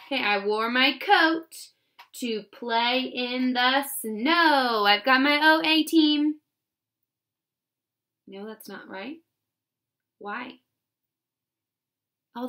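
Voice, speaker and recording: A woman teaching a phonics lesson to first graders, sounding words out slowly. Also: a little high, a bit bright. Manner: slow, exaggerated sounding-out of words. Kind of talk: phonics lesson for young children.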